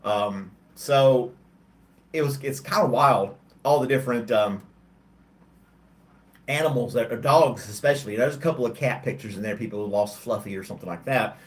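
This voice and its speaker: A tired man hosts a casual livestream chat, yawning between thoughts. He rambles and hesitates with lots of ums and restarts. His voice sits at a middling pitch. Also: normal speed. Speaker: host of a livestream chat show. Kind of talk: casual chat with live chat viewers.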